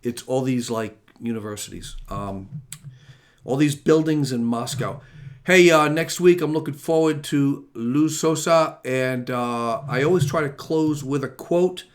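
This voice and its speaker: A man's voice: mid-range voice, measured pace. A middle-aged man hosting a casual talk show, rambling and joking as he signs off. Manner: rambling, chatty, jokey. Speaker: host.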